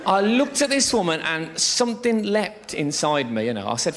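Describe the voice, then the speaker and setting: Gravelly, lively stand-up comic on stage. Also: male voice, sits high, normal speed, noisy background. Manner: lively, rambling, swearing storyteller. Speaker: stand-up comedian. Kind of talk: stand-up comedy set. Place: theatre stage before a laughing audience. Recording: live theatre recording, crowd laughter.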